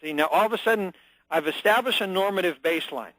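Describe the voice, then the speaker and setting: A man speaking as a guest on a talk radio show, his voice sitting a little high. He talks with energy and emphasis, jumping into quick acted-out examples. The sound is close and dry, with no room around it. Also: fairly bright tone, no room sound, poor audio. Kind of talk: phone-in radio interview.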